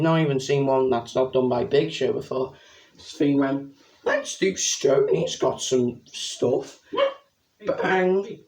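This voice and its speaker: Excitable man, slightly high voice. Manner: excitable, rambling, exclamatory. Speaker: wrestling reviewer. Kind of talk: casual spoken review.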